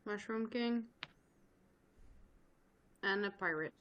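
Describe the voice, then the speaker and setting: A woman playing in a tabletop game, speaking in a brisk, playful, matter-of-fact way. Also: medium pitch, a bit bright, dull audio. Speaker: player. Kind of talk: casual tabletop play.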